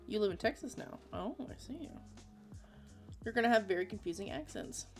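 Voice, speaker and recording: A woman's voice: mid-range voice, animated, moderate pace, faint music behind. Chatty woman streamer from Florida. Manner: chatty, laughs often, reads chat aloud. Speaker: livestream artist host. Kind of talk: casual livestream chat.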